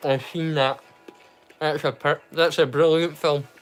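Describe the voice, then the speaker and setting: A man's voice: fairly high pitch, flat delivery, measured pace, soft background music. A man, chatting casually and rambling as he hosts a movie watch-along livestream. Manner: chatty, rambling, self-correcting. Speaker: livestream host.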